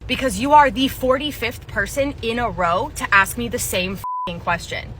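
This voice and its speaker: A woman's voice: on the high side, expressive, moderate pace, noisy background. A woman telling a comedic retail story and acting out the clerk, sarcastic and casual. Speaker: storyteller, former retail worker.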